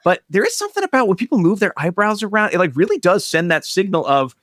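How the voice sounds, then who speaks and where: A man's voice: high voice, sing-song, quick pace, fairly bright tone, dry recording, clean studio sound. A man co-hosting a podcast, talking casually and joking with his guests. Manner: casual, joking, thinks aloud with fillers. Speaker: podcast co-host. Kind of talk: conversational podcast interview.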